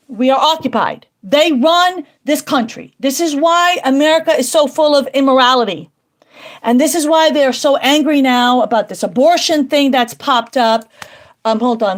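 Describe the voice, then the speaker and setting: A woman hosting a livestream from home, talking in an emphatic, repetitive, preaching way. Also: high-pitched. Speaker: livestream host. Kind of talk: casual livestream monologue. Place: at home indoors.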